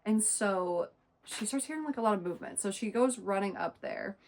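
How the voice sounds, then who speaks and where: A woman recapping a book chapter by chapter in a casual, chatty way. Her commentary turns sarcastic and indignant, and her voice sits at an ordinary middle pitch. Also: animated, moderate pace, vocal fry. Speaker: book reviewer.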